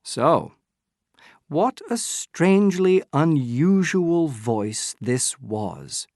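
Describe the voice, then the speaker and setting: Picture a sharp-minded detective, read by a man in an audiobook, laying out his reasoning in a slow, patient way. He leans hard on key words, and his pitch rises and falls in a lively way. The sound is close and dry. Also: dry recording, heavily acted. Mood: explaining. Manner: patient, emphatic, probing questions. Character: sharp-minded male detective explaining deductions. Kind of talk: scripted audiobook reading.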